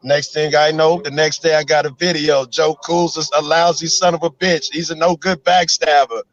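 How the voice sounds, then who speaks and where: A man's voice: on the high side, level tone, moderate pace. Easygoing man on a lo-fi call. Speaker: guest on a live stream. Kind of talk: casual chat.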